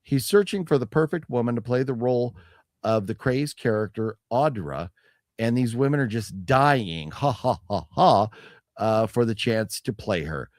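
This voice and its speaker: A man chatting casually as co-host of a movie haul stream. His pitch swings all over the place as he rambles, restarts his sentences and swears freely. The voice sounds close and dry, with no room around it. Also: lively intonation, moderate pace, darkish tone, no room sound. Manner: rambling, swears freely, reads product blurbs aloud; restarts sentences, hedging fillers. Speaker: co-host of a physical media haul show. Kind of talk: casual chat.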